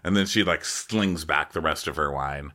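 A man's voice: a bass voice, normal speed, bright, forceful tone. A man co-hosting a podcast, retelling a reality-show episode in casual, gossipy chat. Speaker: podcast co-host.

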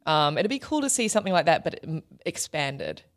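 A woman's voice: deep voice, big pitch swings, brisk. A woman co-hosting a podcast in casual chat, hedging and thinking aloud. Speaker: podcast co-host.

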